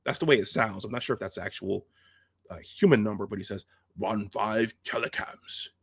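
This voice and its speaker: A man hosting a video, telling a film's story in a casual, halting, animated way and acting out the scenes. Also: lowish voice, vocal fry, breathy edge, dry recording. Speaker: host. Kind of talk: casual film retelling.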